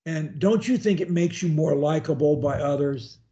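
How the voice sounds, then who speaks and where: A man's voice: fairly high pitch, moderate pace, mellow, dull audio. A man coaching a student one-on-one over a video call, talking in a folksy, rambling, encouraging way. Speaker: speech coach.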